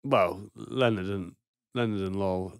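Low-voiced man chatting. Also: unhurried, gravelly, clear, resonant tone, no room sound, studio quality. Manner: relaxed, chipping in with short asides. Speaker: podcast co-host. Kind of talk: casual chat.

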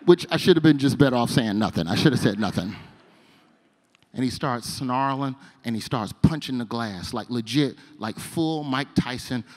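A man performing stand-up comedy, telling a story and moving from hushed asides to loud punchlines. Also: mid-range voice, normal speed. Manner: animated, shifts between hushed and loud. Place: comedy stage.

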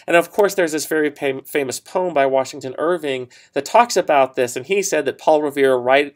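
A man gives a recorded history lecture in a relaxed storytelling way, full of "um", "right?" and small asides. His voice sits a little higher than most men's. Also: fairly quick, hardly any pauses. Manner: conversational storytelling with fillers and asides. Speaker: history teacher.

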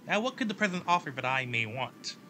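A man's voice: a little high, sing-song, fast, sharp tone, a little hiss or hum. A man voicing a scheming, menacing Southern governor in a game story he narrates, speaking in a sly, mocking way. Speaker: in-game story character voiced by player.

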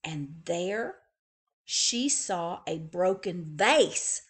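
A woman librarian reading a picture book aloud to young children, slow and expressive. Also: lowish voice.

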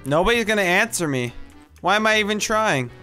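A man's voice: sits high, lively intonation, a little fast, sharp tone, faint music behind. A man doing comedic game commentary, complaining in a whiny, exasperated way. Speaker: gameplay skit narrator.

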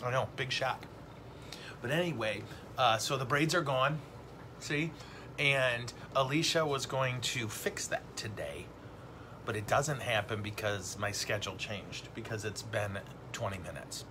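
A man's voice: medium pitch, unhurried, background noise. A middle-aged man, a Catholic priest, hosting a casual livestream teaching and rambling along with self-deprecating jokes.

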